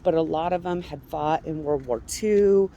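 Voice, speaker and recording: A woman's voice: deep voice, moderate pace, dark tone, dull audio. Chatty woman vlogging on a walk. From Colorado. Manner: chatty, laughs often, swears casually. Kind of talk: casual walking vlog. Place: outdoors on a residential street. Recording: faint street noise outdoors. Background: passing traffic.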